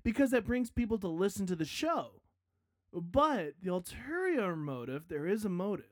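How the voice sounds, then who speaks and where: A podcast host in a casual outro, chatty and rambling, poking fun at themself and now and then bursting into loud hype yells. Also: mid-range voice, sing-song, normal speed, dry recording, clean studio sound. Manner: chatty, self-mocking, rambling.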